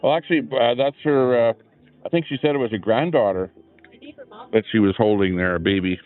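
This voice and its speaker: A medium-pitched man talks fairly quickly while hosting a live stream from a chair at an outdoor rally. He keeps the chat loose and greets viewers in the chat through a small clip-on mic, with tinny, phone-like lo-fi sound.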